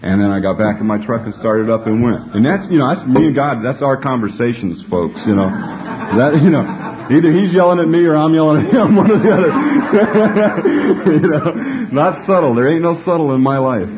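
A man's voice: medium pitch, normal speed, a crowd in the background. A man telling his recovery story to a group, salty and profane, laughing often as he talks. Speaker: speaker sharing at a recovery meeting. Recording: dull lo-fi recording, faint noise.

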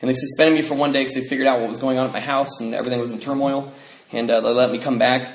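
A man's voice: mid-range voice, steady tone, very fast. A man giving a personal testimony to a live group, telling his story loosely with many fillers and laughing through the darker parts. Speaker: speaker sharing his recovery story. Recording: echoey room, faint background noise.

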